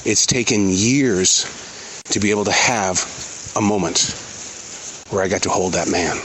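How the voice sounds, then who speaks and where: A middle-aged man hosting his own show, speaking in an earnest, halting, reflective way while out in a forest. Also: deep voice, a bit bright, slight background noise, low-quality recording. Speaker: podcast host. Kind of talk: reflective spoken monologue. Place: outdoors in a forest.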